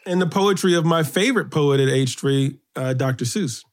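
A middle-aged man from Brooklyn, New York, guest in an interview, telling childhood stories in an animated way, his voice lifting when excited. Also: normal speed. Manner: animated storyteller, rises in pitch when excited. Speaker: guest, children's author and poet. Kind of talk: storytelling interview.

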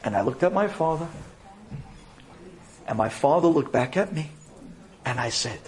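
A middle-aged man from New York telling a personal story to an audience of women in a dramatic, expressive way, acting out the dialogue. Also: normal speed, long pauses. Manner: dramatic and expressive, jumps up in pitch for emphasis, acts out dialogue. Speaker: speaker addressing an audience of women.

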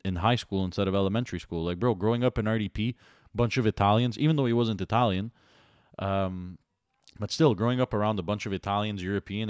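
A man's voice: fairly low pitch, dry recording, studio quality. A young man, chatting casually on a podcast and acting out the people he talks about. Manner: animated storyteller who acts out the people he quotes. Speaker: podcast co-host. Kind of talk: casual chat.

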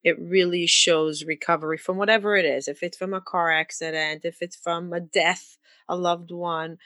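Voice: medium pitch, little pitch movement, normal speed, sharp tone, no room sound. An interviewer asking supportive, reflective questions. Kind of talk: sit-down interview.

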